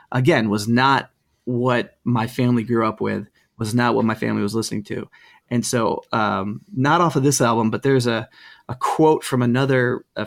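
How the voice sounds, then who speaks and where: A middle-aged man co-hosting a podcast, talking casually and hesitantly with lots of ums and restarts. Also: mid-range voice. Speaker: podcast co-host. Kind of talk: casual chat.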